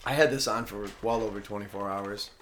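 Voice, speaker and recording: A young man in casual chat with friends, telling crude, animated stories about working at a bar. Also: on the low side, a little fast, crowd noise. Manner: crude, joking, animated storytelling.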